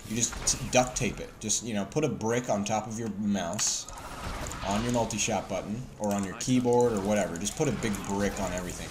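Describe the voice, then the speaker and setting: A man's voice: fairly low pitch, noisy background. A man casually commenting over his gameplay, loose and profane, with lots of ums and a Southern US accent. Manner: loose, profane, filler-heavy. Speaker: gameplay video host.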